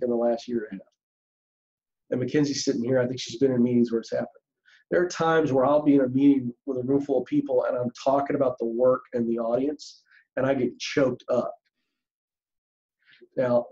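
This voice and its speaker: A man's voice: medium pitch, darkish tone, muffled recording. A middle-aged man speaking as a guest career coach in a podcast interview, with an earnest, emphatic storytelling manner.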